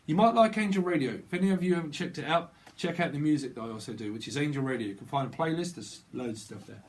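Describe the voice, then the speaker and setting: A man's voice: fairly high pitch, quick pace. A man with a British accent, a tarot reader vlogging in a rambling, free-associating way, repeating words over and over. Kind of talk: rambling channeled tarot vlog.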